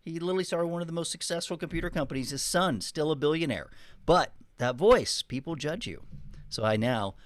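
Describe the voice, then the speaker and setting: A man from Texas with a light Texan accent, co-hosting a casual podcast with relaxed, rambling storytelling. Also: a little high, a little fast, dry recording. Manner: easygoing, storytelling, rambling asides. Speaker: podcast co-host.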